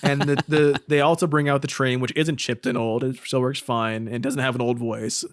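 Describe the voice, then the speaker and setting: A man's voice: mid-range voice, level tone, moderate pace, dry recording, clean studio sound. A man co-hosting a podcast, recapping with sardonic humor in casual chat. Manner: sardonic, acts out scenes in funny voices. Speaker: podcast co-host.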